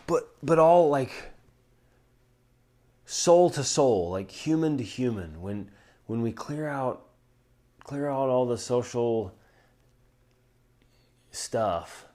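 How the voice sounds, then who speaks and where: A podcast host talks earnestly and directly to his listeners in a heartfelt, casual way, his medium-pitched voice swinging from loud emphasis to hushed, near-whispered words. He asks many rhetorical questions.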